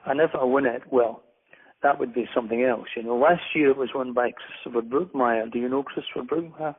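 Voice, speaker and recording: A man's voice: mid-range voice, fairly quick, husky. A middle-aged Scottish man, a guest author, chatting in a rambling, self-deprecating way with many restarts. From Scotland. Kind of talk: casual interview chat. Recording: phone-like narrow audio.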